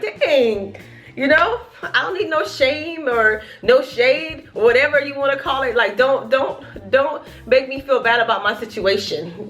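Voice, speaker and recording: Young pregnant woman, vlogger, casual rant, animated, laughing, fairly high voice, faint music behind. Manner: animated, laughing, acting out what people say.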